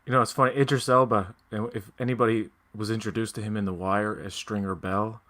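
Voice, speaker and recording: A man with a low, forceful voice co-hosts a podcast. He rambles casually with joking asides, and his tone stays bright and pushed forward. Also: steady tone, quick pace. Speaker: podcast co-host. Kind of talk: casual chat.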